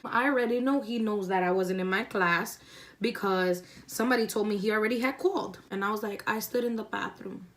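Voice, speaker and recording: A woman's voice: mid-range voice, brisk. A young woman vlogger telling a profane storytime while doing her makeup, acting out the voices of the people in it. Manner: animated, profane, acts out quoted voices. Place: indoors at home, doing makeup.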